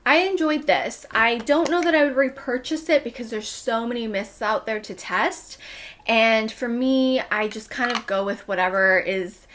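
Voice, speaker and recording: A woman's voice: on the high side, moderate pace, fairly bright tone. A woman beauty vlogger chatting through products she used up, enthusiastic and a little out of breath. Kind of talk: casual product review.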